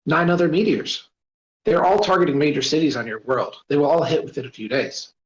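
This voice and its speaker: A giggly, upbeat young alien woman, voiced by a male storyteller lifting his voice. She chats brightly and eagerly about strange things. The sound is roomy and a little muffled. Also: fairly high pitch, fairly quick, natural voice. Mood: cheerful. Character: cheerful, playful young female alien. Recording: roomy, dull voice-chat audio.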